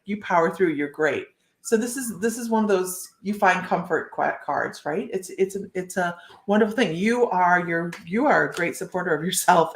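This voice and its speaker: Chatty woman reading cards, roomy echo. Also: medium pitch. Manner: chatty, rambling, with many restarts. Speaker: psychic reader and show host. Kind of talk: live-streamed card readings.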